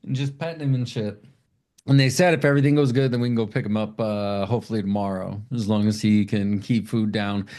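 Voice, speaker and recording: A man's voice: lowish voice, darkish tone. Middle-aged man, podcast co-host, casual swearing chat, sleepy, rambling. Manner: loose, swearing, rambling storytelling. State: tired from lack of sleep.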